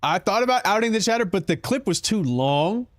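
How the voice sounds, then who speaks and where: A man streaming, reacting to his own clips in casual chat, animated and swearing, saying bro a lot. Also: high voice, brisk, dry recording, clean studio sound.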